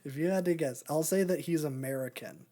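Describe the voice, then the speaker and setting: Mellow-voiced man, rambling and joking. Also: on the high side, a little fast. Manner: rambling, joking, laughs often. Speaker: podcast co-host. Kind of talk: casual chat.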